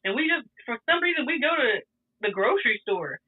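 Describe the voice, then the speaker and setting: A young woman telling a story in casual chat, animated and profane, laughing as she goes. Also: sits high, brisk, breathy edge. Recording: tinny phone-like sound.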